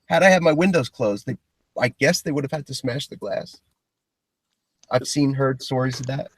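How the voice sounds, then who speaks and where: A man's voice: mid-range voice, normal speed, husky, no echo. A man casually telling a story, acting out both sides of the exchange and swearing freely. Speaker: caller recounting a police stop.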